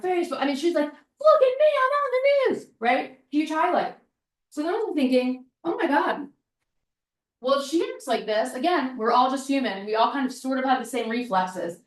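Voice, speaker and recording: Chatty woman presenter in an echoey room. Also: high-pitched. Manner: chatty and animated, fond of "like" and "right?"; repeats points for emphasis. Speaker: workshop presenter. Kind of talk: casual seminar talk. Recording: echoey room, mic at a distance.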